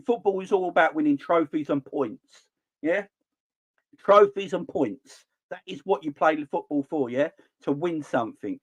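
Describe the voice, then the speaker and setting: A middle-aged man ranting about football in an animated, exasperated way. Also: on the high side, muffled recording. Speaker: football channel host. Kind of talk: opinionated football rant.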